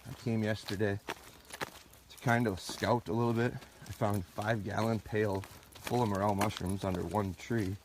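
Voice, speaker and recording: Low-voiced man training dogs outdoors. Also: steady tone, moderate pace. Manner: chatty, gives dogs short firm commands. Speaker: dog trainer. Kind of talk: live outdoor training stream. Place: outdoors on a rural farm. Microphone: phone or camera on a tripod. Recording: noisy outdoor livestream.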